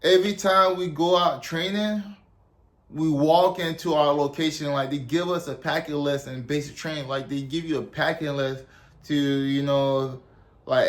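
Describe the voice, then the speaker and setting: A man's voice: a little high, steady tone, measured pace. A young man from South Carolina, telling a story casually and rambling with lots of "like" and "you know". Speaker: storyteller, army veteran.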